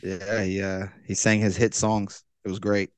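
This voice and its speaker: Man, comedy podcast co-host, deadpan, absurd asides, low voice, dry close mic. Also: measured pace, clear, resonant tone, dry recording. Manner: deadpan, absurd asides, trailing quiet endings. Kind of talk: casual crude comedy chat.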